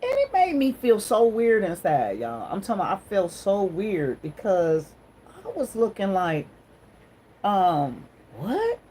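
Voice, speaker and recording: A woman's voice: medium pitch, very animated, a little slow, mellow, a little hiss or hum, rough recording. A woman hosting a casual livestream on her phone, greeting viewers and talking in an encouraging, sermon-like way. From Ohio. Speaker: livestream host.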